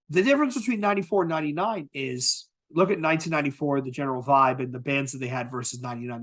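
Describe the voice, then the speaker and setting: A man hosting a podcast, talking in an animated, casual way and often asking "right?". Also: mid-range voice. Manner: animated, asks rhetorical "right?". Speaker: podcast host. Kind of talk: casual chat.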